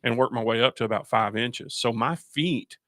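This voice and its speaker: A man's voice: medium pitch, moderate pace, fairly bright tone, no room sound, clean studio sound. A man hosting a radio show in casual chat, rambling through stories with restarts and laughs. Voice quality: gravelly. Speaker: radio host.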